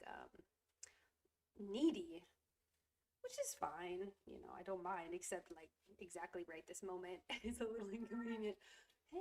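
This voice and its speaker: Chatty giggly woman streaming crafts. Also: darkish tone. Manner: chatty, giggly, apologetic, with many fillers; high coaxing voice when soothing her cat. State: stuffy runny nose. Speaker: resin jewelry streamer. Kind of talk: casual live-stream chat.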